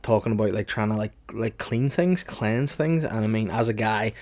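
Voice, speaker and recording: A man hosting a comedy podcast, joking in a deadpan, rambling way full of fillers. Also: lowish voice, moderate pace. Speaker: podcast host. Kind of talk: casual comedy chat.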